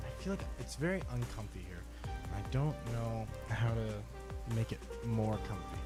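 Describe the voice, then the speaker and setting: A man's voice: on the low side, animated, a little slow, loud music behind the voice. A man streaming a game live, talking to himself and his chat with exasperated swearing and melodramatic pleading. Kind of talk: live gameplay commentary. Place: home desk setup.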